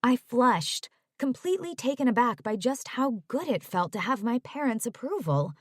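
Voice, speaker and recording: A woman's voice: a little high, sing-song, normal speed, no room sound, studio quality. Woman reading a romance audiobook. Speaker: audiobook narrator. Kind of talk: first-person romance audiobook narration.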